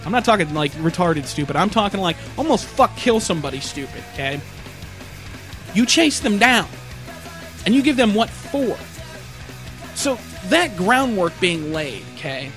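A man telling a rambling, profanity-heavy road rage story with animated asides, sounding a bit tired. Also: high-pitched, normal speed, long pauses, soft background music. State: tired, yawning.

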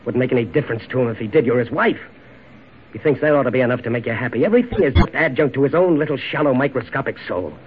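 A man's voice: mid-range voice, rapid-fire, natural voice. An actor playing an ardent, insistent young man in 1940s radio drama, with an earnest, persuasive delivery. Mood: pleading. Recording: dull old radio recording with faint hiss.

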